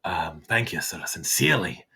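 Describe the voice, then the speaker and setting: A man voicing a bashful, grateful father with rotten teeth, who stammers through halting, homely speech. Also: deep voice, expressive, gravelly, sharp tone, slightly rough, exaggerated voice. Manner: homely "aye, lad" speech.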